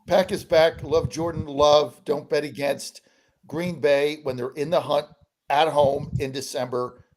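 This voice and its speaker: A man in his sixties, a regular co-host, telling animated stories in a casual sports betting chat. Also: fairly high pitch, unhurried, low-quality recording. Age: 60s. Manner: animated, excitable storyteller.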